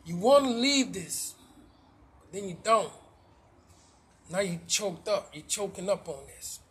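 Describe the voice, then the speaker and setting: A man's voice: high-pitched, animated, measured pace, a little hiss or hum. A man preaching informally, firing rhetorical questions, restarting phrases and dropping slangy asides.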